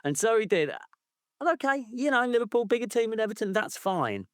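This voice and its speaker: A man co-hosting a casual football chat, his pitch leaping up and down as he rants and swears. His voice is a bit higher than most men's. The sound is dry and close. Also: a little fast, clear, resonant tone, no echo. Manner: animated, sweary ranting, mock voices. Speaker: podcast co-host.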